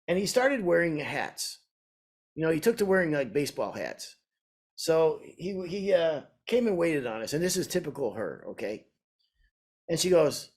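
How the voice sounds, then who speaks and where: A man's voice: on the high side, sing-song, moderate pace, a little mellow, husky. An older man co-hosting a podcast, telling a story in a chatty, hesitant way. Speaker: podcast co-host, flooring contractor. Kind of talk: casual storytelling.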